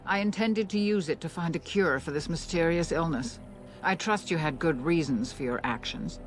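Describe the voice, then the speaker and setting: An actress playing a dignified, calm elder woman leading a clan in a game, speaking formally, with faint noise behind. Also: low-pitched, normal speed, soft background music, lightly acted. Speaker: game character.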